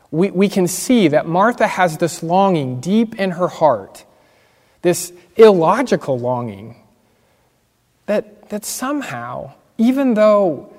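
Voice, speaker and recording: A man's voice: high-pitched, a little mellow. A man preaching a sermon as pastor, earnest and emphatic, repeating key phrases. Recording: long hall reverb.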